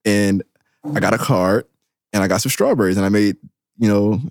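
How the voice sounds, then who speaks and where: A man's voice: fairly low pitch, normal speed, no room sound, studio quality. A young man co-hosting a casual podcast, telling stories with many laughs and acted-out quotes. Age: young adult. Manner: animated storyteller, laughs often, acts out quotes. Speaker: podcast co-host. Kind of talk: casual storytelling chat.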